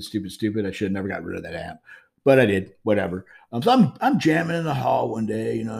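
A man's voice: lowish voice, gravelly, darkish tone. A man hosting a podcast from his home, talking in a frank, rambling way with many fillers and restarts. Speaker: podcast host. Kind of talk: casual monologue.

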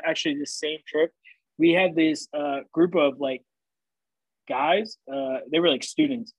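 A young man with a fairly high voice tells funny vacation stories in an animated, profane way, laughing at his own jokes. The sound is dry and close, with no room around it. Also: no echo, low-quality recording. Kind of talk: casual storytelling chat.

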